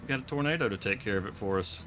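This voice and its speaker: Bright-voiced joking man. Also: lowish voice, lively intonation, racing, a little hiss or hum. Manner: joking, laughs often, talks to game animals. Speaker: streamer. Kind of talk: live gameplay commentary.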